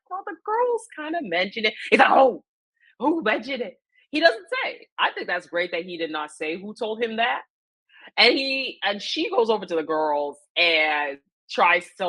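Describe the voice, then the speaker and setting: A woman in a chatty vlog, speaking in a slightly low voice. She is opinionated and emphatic, hammering her points home with repetition, slang and plenty of fillers. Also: a bit bright. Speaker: vlogger recapping a reality show. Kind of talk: casual chat.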